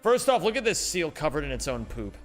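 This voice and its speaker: A young man streams and jokes with his chat, his voice bouncing all over the place in animated, rambling banter. He sits a touch higher than most men, and faint game music hums underneath him. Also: fairly quick. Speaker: livestreamer. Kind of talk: casual chat with viewers during a gaming stream.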